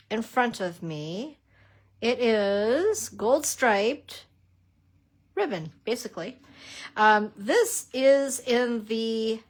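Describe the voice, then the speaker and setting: A talkative middle-aged woman with a fairly high voice leads a relaxed craft lesson on a livestream. She chats and greets her viewers by name as she works, and often breaks into easy laughter. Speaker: papercrafting instructor. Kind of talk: casual craft tutorial livestream.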